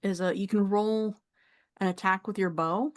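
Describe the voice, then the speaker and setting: Brief: chatty woman game master, mid-pitched voice, laughs a lot while narrating. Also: fairly even intonation, moderate pace.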